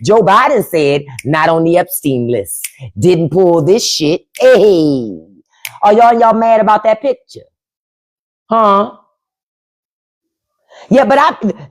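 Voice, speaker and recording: A woman hosting a livestream from home, giving blunt, profane opinions and answering her chat. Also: medium pitch. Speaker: podcast host on a livestream. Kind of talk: unfiltered political livestream rant.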